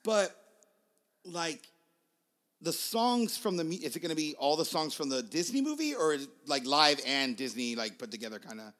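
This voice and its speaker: A man co-hosting a podcast in casual chat, telling stories in an animated, profane way. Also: on the high side, normal speed. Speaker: podcast co-host.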